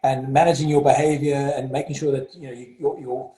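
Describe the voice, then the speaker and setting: A man's voice: mid-range voice, level tone, fairly quick, mellow. A man from South Africa with a South African accent, a headmaster talking in an interview, hesitant with many fillers and restarts. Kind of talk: interview over video call. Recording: roomy echo.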